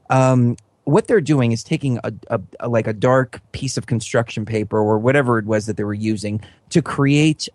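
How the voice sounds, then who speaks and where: A man's voice: mid-range voice, no room sound. A man appearing as a guest on a radio talk show, explaining a theory in an earnest, rambling way. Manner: earnest, rambling, many fillers and restarts.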